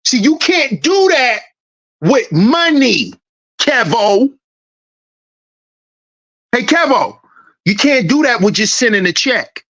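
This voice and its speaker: A man's voice: extremely high pitch, sing-song, takes it slowly, long pauses, fairly bright tone. A man hosting a commentary channel, delivering a heated, preachy monologue and acting out confrontations in a dad's voice. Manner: preachy, confrontational, acts out scenes.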